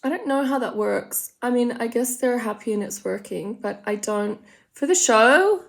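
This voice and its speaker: A woman's voice: on the high side, lively intonation, moderate pace, gravelly. An Australian woman chatting casually and rambling through a makeup tutorial, full of gossipy asides. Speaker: makeup vlogger.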